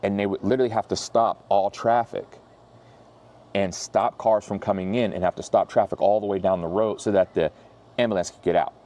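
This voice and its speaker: Casting: male pastor, deep mellow voice, casual slangy sermon storytelling. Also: brisk. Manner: laid-back slang-heavy preaching, lively when retelling.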